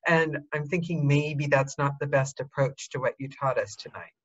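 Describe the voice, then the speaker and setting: A woman's voice: deep voice, fairly even intonation, husky. Chatty woman host on dull lo-fi audio. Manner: chatty, enthusiastic, quick to laugh, fills with um. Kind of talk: casual interview chat.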